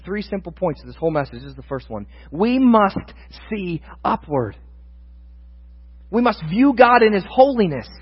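Pastor guy giving a sermon in a church, dull muffled audio, talks it through honestly then gets loud and emphatic. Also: high-pitched. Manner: candid, thinking aloud, rising to emphatic proclamation. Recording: dull sound with long hall reverb.

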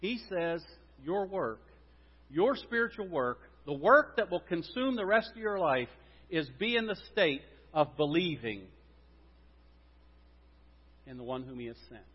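A high-pitched male pastor delivers a sermon with emphatic swings between loud stresses and hushed drops. His voice rings with long reverb, and the sound is somewhat dull. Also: big pitch swings, unhurried, pauses often, breathy edge.

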